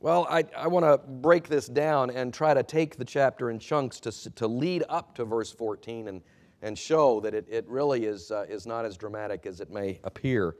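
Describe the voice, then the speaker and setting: Earnest, hesitant male pastor. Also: medium pitch. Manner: earnest and measured, with frequent hesitations. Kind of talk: sermon with scripture reading.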